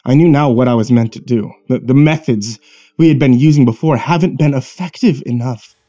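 A man's voice: mid-range voice, warm tone. Man narrating a horror story. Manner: dramatic first-person storytelling with tense pauses.

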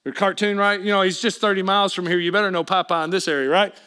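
A man preaching a sermon as pastor, swinging between loud emphatic appeals and hushed asides, often questioning his congregation directly. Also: sits high, little pitch movement, fast, smooth.

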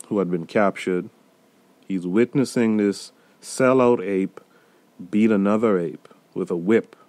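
Guy doing a solo podcast, slow and deliberate, dry close sound, kinda low voice. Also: darkish tone, no room sound. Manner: deliberate, emphatic, addresses listeners directly. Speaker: podcast host reviewing a film.

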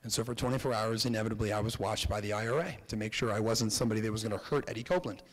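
A young American man from Connecticut giving a storytelling talk as a keynote speaker, animated, lifting his voice for quoted lines. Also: lowish voice, very fast. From Connecticut, USA. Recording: reverberant hall.

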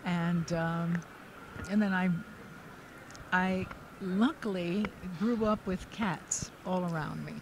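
A woman's voice: fairly low pitch, slow, background noise. Older woman telling chatty stories. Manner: chatty, laughs often, restarts sentences. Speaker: interview guest, actress. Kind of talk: casual anecdotal storytelling. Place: convention floor.

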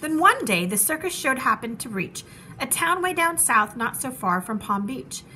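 A woman teacher reading a children's storybook aloud with animated, rhythmic rhyming narration. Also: sits high, normal speed, slight background noise.

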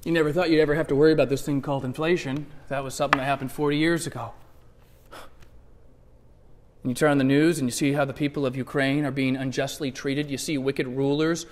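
A man preaching a sermon in a church, conversational and animated, swinging from hushed asides to loud emphatic bursts. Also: medium pitch, fast, in a large hall, slight background noise. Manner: conversational, playfully acts out scripture scenes. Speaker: pastor. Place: church sanctuary.

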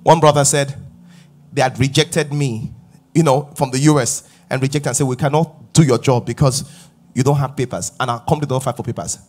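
A middle-aged man preaching a sermon as pastor, emphatic and rising to shouts. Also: mid-range voice, fairly even intonation, fairly quick.

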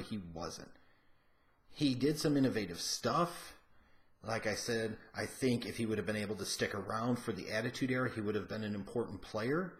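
A man giving frank, casual commentary as a wrestling show reviewer, opinionated and cursing now and then. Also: mid-range voice.

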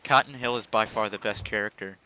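A man's voice: lowish voice, a little fast, bright, forceful tone, slight background noise. A young man rambling and joking in casual chat while playing an online game with friends. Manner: rambling, joking, quotes cartoon lines. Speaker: gamer.

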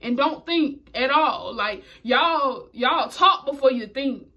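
A woman's voice: sits high, expressive, slow pace, sharp tone. A woman recapping a wrestling show in a chatty, slangy way, laughing often. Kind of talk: casual video recap.

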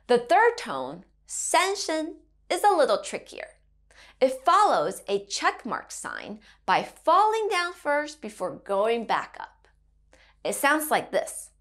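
A woman's voice: high voice, wildly swooping pitch, slow pace, a bit bright. A woman teaching a children's language lesson, playful and sing-song, a mother drawing out her tones.

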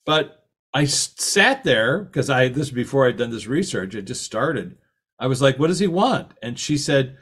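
Man, middle-aged, storytelling talk, animated, acts out quotes, slightly high pitch. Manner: animated, anecdotal, laughs at his own stories, acts out quotes. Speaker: author and podcast host giving a talk.

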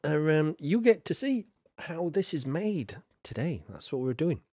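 A man's voice: on the high side, very animated, measured pace, darkish tone, husky, dry recording, clean studio sound. A man streaming a building game, chatting casually with viewers and rambling with lots of fillers. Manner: many fillers and trailing asides. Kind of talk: casual livestream chat while building in a game.

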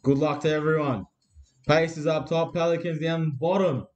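A man's voice: on the high side, fairly even intonation, moderate pace, dull audio. An Australian man hosting a live card break, with crude, laddish banter and constant swearing.

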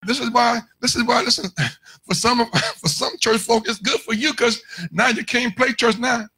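High, bright-voiced preaching pastor. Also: male voice, fairly even intonation, normal speed, slightly rough, poor audio. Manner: fiery call-and-response preaching, shouting at peaks. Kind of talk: sermon. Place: church sanctuary.

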